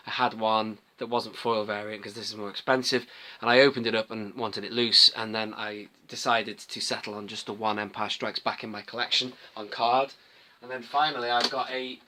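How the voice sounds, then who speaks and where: Bright-voiced man rambling about toys. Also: medium pitch. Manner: rambling, enthusiastic, restarts often. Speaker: toy collector vlogger. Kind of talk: casual show-and-tell.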